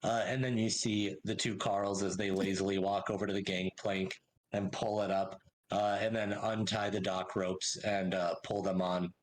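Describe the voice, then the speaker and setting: A man running a tabletop game as game master, narrating in a relaxed, hesitant way with lots of fillers. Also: sits low, moderate pace, slight background noise, rough recording.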